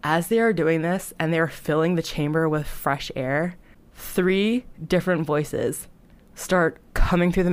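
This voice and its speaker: Young woman, low-pitched, dry close sound, chatty horror storyteller. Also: no room sound. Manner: chatty, heavy use of "like", reacts with disgust. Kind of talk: casual retelling of a horror story.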